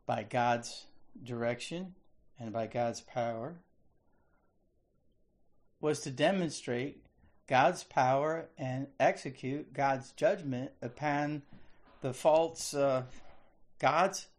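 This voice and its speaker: Slow, deliberate male preacher. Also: medium pitch. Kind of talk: sermon with scripture reading.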